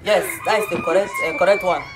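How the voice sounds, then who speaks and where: A man's voice: sits high, fairly even intonation, fast talker, loud music behind the voice. A man with a Nigerian accent playing a comic teacher in a skit. He lectures mock-earnestly, chuckles as he talks, and keeps asking whether the class is following.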